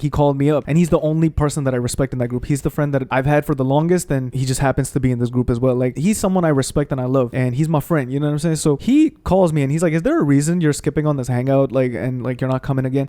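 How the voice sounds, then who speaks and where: Fast-talking young man ranting. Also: fairly high pitch, dark tone, no room sound, studio quality. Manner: fast, profane, exasperated ranting. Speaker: gaming streamer. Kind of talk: ranting storytime over gameplay.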